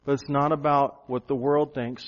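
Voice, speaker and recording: A male pastor preaching a sermon, animated, jumping up in pitch for emphasis. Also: moderate pace, muffled recording.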